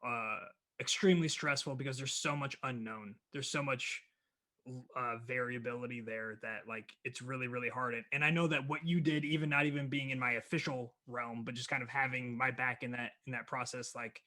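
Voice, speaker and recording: A man's voice: mid-range voice, little pitch movement, fairly quick, pushed and bright. A man hosting an interview, talking casually and enthusiastically, often trailing off and restarting his sentences. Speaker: podcast host.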